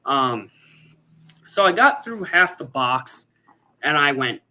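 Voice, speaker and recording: Slow, bright-voiced livestream host. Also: medium pitch, very animated. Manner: chatty, reads out viewer comments. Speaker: photographer hosting a livestream. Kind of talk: casual livestream chat.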